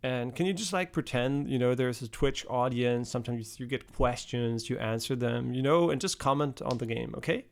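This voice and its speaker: A man's voice: medium pitch, normal speed, creaky, few pauses. A man streaming a video game live, chatting casually with many fillers and swear words.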